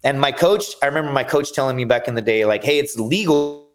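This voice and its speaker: Profane, energetic man telling fight stories. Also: medium pitch, fast. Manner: profane, energetic, rambling storyteller. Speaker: podcast guest, MMA fighter. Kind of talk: casual storytelling chat.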